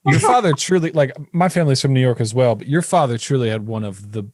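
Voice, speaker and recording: A man co-hosting a movie podcast, chiming in with quick jokes. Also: mid-range voice, animated, darkish tone, no echo, studio quality. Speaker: podcast co-host. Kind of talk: casual interview chat.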